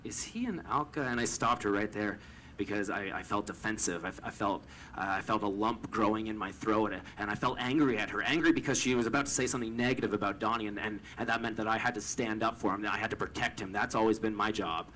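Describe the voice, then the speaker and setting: A young man from Canada telling a personal story, stammering over repeated words and swinging from hushed to loud with emotion. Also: lowish voice, fairly even intonation, fast, a little hiss or hum, rough recording.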